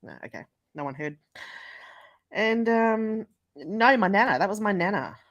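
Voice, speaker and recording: A woman's voice: medium pitch, lively intonation, unhurried, lo-fi sound. A woman telling a story in a casual livestream, chatting and swearing freely.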